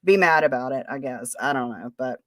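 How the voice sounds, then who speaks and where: A woman's voice: extremely low pitch, a little fast, a bit bright, no echo, clean studio sound. A woman hosting a podcast, talking casually in a sarcastic, defensive way. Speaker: podcast host. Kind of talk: casual chat.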